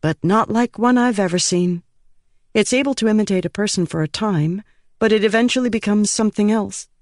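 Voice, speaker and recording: A woman's voice: mid-range voice, brisk, a little mellow, dry recording, studio quality, voice pushed up, close to an everyday voice. A man voicing an earnest young woman investigator who explains things urgently, in an audiobook.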